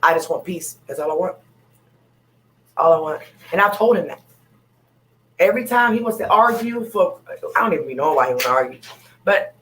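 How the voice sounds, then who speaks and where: A woman's voice: fairly low pitch, expressive, normal speed, pauses often, rough recording. A woman speaking on an open panel, talking candidly and bluntly, repeating her points for emphasis. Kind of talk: candid casual chat.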